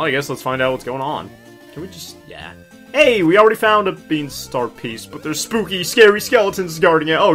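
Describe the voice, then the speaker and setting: A man's voice: mid-range voice, a bit bright. A man casually commenting on a video game playthrough, chatty and joking as he reads game dialogue aloud. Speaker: let's play host.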